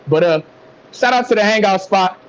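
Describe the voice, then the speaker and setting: A man's voice: high voice, normal speed, highs cut off. A man calling in to rant about boxing, fired up and heavily profane. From American Midwest. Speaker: caller. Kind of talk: heated boxing call-in rant.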